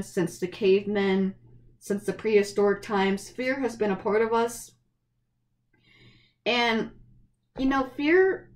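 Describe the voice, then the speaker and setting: A woman's voice: mid-range voice, a little mellow. A young woman in college talks earnestly into her camera, her voice wavering as she fights back tears. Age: young adult. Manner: earnest, emotional and heartfelt, with frequent restarts. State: tearful, voice wavering from crying. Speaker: vlogger. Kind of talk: personal video essay, casual monologue.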